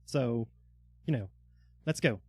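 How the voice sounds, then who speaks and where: A man's voice: medium pitch, lively intonation, slow pace, warm tone, breathy edge, no echo, pitched below the performer's own voice. A man voicing a hesitant, breezy castle guide. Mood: hurried. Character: male guide leading the party through a castle.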